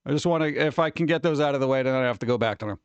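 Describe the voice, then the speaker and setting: A man hosting a livestream, chatting casually and rambling excitably with viewers, often laughing. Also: medium pitch, very fast, clean tone, dry recording, highs cut off. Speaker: livestream host. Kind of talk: casual chat with live viewers.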